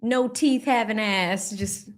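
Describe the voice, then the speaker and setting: A woman hosting a casual livestream, reading viewer comments aloud and laughing as she mocks the people she talks about with quick impressions. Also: mid-range voice. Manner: reads viewer super chats aloud, laughing and mocking. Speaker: livestream host.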